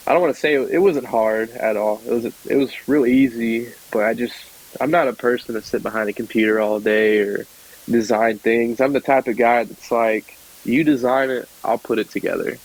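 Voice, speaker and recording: A man in his twenties, a podcast guest, casually telling a personal story with many fillers and restarts, jumping into lively voices when he quotes people. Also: mid-range voice, low-quality recording. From Georgia, USA. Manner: rambling, filler-heavy, lively when quoting others.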